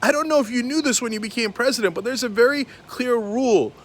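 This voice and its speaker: A man's voice: extremely high pitch, quick pace, fairly bright tone. A man hosting a political commentary show, ranting in a heated, exasperated and sarcastic way.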